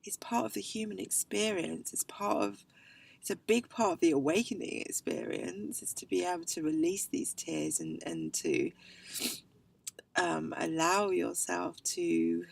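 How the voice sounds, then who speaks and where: A woman who works as a healer, talking in a reflective spiritual vlog, soft and halting, often sinking to a whisper. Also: fairly low pitch, big pitch swings, creaky, far from the mic, low-quality recording. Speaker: healer working with clients.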